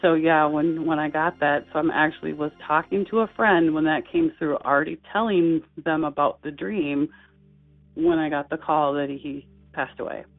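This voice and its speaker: A middle-aged woman earnestly telling a personal story as a guest, slipping into higher voices when she quotes people. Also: normal speed, faint music behind. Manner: earnest, lively quoting of dialogue with high acted voices. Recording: tinny phone-like line.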